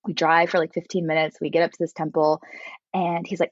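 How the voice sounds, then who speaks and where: A woman's voice: on the low side, little pitch movement, fast talker, dry recording, lo-fi sound. A woman guest casually telling a story, acting out quotes and laughing often. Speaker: podcast guest.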